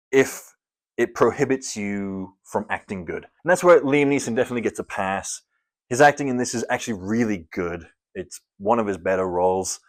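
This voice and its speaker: A young man from Scotland, talking casually and rambling through his movie rankings in a vlog, with playful theatrical bursts on each countdown number. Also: on the low side. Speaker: film reviewer.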